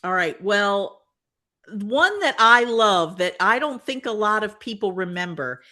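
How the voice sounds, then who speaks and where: An older woman co-hosting a podcast, retelling a TV episode in a casual chat and acting out the characters' lines. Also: measured pace. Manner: animated storyteller, acts out quotes with big pitch jumps. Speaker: podcast co-host.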